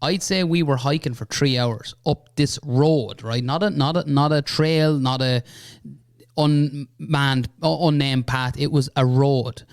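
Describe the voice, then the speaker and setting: A young Irish man recounting an adventure as a podcast guest, his voice smooth and resonant. He talks in an animated, chatty way, checking in with the listener often. The sound is dry and close, from a studio mic. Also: medium pitch, a little slow, dry recording. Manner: animated anecdote-telling with lots of "right?" and "you know". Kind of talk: casual storytelling.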